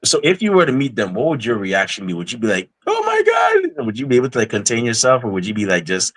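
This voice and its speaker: A man's voice: lowish voice, animated, fast, rough recording. A man hosting a podcast interview, chatting casually and rambling with repeated words and "you know" fillers. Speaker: podcast host.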